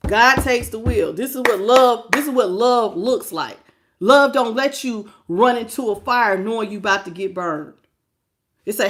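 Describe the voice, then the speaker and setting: Emphatic woman giving a tarot reading. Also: measured pace. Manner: emphatic and preachy, swings between low murmurs and loud outbursts. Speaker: tarot reader. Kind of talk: live-streamed tarot reading, greeting viewers.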